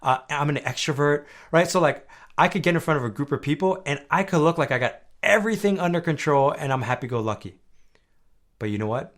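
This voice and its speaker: A young man hosting a faith podcast, talking earnestly and conversationally, dropping soft and low at times and then rising loud and high when stirred. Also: expressive, a little fast. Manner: earnest, conversational, often asks "right?". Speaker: podcast host. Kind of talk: faith-based personal podcast talk.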